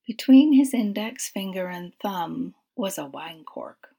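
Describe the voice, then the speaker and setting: A woman narrating a story in a soft, breathy, half-whispered voice. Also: medium pitch, sing-song, slow pace.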